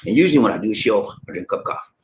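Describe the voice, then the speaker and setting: A show host with a lowish voice races along on a recording with a little hiss or hum and an echoey room sound. He talks to his viewers casually, animatedly and playfully, repeating and rhyming phrases in a call-and-response style that asks them to answer back.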